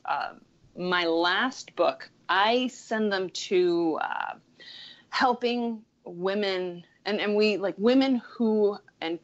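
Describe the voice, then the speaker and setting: On a muffled recording, a woman in her thirties with a lowish voice chats enthusiastically as a guest career coach in a casual interview, dropping "like" constantly.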